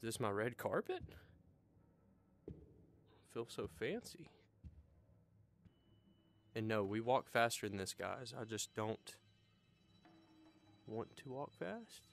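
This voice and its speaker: A man's voice: lowish voice, big pitch swings, takes it slowly, gravelly, long pauses, slight background noise. Jumpy young man gaming. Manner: jumpy, nervous chatter to game characters, bursts of repeated "hey". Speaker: gaming video host. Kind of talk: horror game commentary.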